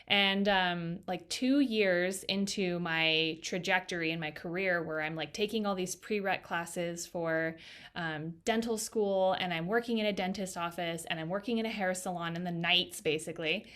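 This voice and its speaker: A woman's voice: fairly low pitch, normal speed. A woman hairstylist in a casual podcast conversation, telling a story with quoted voices acted out, recorded over a video call. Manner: lively storyteller who acts out quoted voices.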